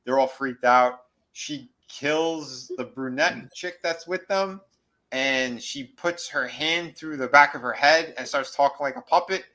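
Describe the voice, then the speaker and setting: Male podcast co-host, mid-pitched voice, rambling horror recap, loose and chatty. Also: unhurried, bright, forceful tone, low-quality recording. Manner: rambling, filler-heavy, acts out lines from the show. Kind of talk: casual recap of a horror series.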